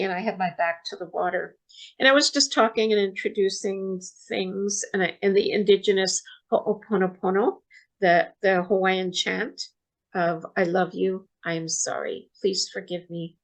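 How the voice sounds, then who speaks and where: A woman speaks as a guest in a relaxed interview, recounting a story in a soft, gravelly voice. She halts often and restarts her sentences as she goes. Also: mid-range voice, low-quality recording. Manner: soft-spoken, halting with restarts.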